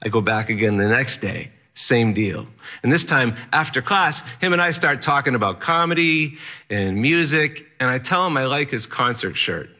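Bright-voiced man telling a personal story. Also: mid-range voice, lively intonation, moderate pace. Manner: vivid present-tense recounting, wry.

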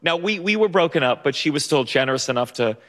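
A man's voice: fairly high pitch, expressive, quick pace, big-room sound. A young man telling a funny personal story on stage, stammering through restarts and laughing at himself. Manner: stammering restarts, self-mocking, often laughing. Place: theater stage.

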